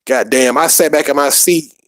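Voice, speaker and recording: A man tells profane, animated stories in casual talk. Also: on the high side, normal speed, no echo. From Alabama. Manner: profane, animated, repetitive restarts. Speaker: podcast storyteller.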